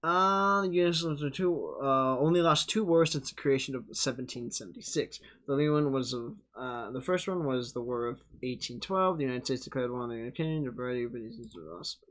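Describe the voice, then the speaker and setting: A man's voice: mid-range voice, a little fast, few pauses, a bit bright. A young man hosting a gaming video, reading the game's text aloud in a loose, joking way with offhand asides. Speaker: gaming channel host.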